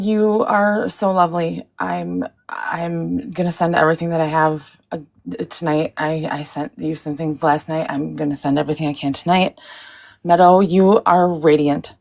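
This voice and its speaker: Gravelly, tongue-tied woman caller. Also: deep voice, fairly even intonation, normal speed, a little mellow. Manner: tongue-tied, stammering, moved. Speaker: caller on a live stream. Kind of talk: casual live-stream chat.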